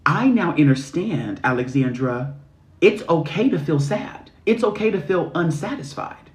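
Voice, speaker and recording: A man hosting a live stream, delivering a blunt, sweary motivational rant full of rhetorical questions, swinging into mocking high voices. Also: lively intonation, measured pace. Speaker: spiritual reader and live-stream host. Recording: roomy echo.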